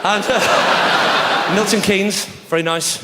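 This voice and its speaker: A man doing live stand-up comedy, teasing the crowd, with loud punchlines. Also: high-pitched, steady tone, takes it slowly. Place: large theatre stage with audience. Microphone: stage microphone. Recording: roomy live theatre with audience noise. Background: audience laughter.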